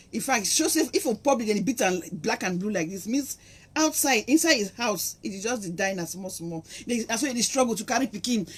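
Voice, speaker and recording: A middle-aged woman speaking Nigerian Pidgin English, giving an impassioned, preachy monologue to her viewers. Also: fairly high pitch. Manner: impassioned and preachy, acts out quotes. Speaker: vlogger. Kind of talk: monologue to camera.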